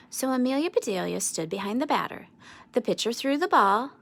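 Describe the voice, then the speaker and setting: A woman reading a children's storybook aloud with expressive, sing-song narration. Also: a little high, normal speed, creaky, dry recording. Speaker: storybook reader.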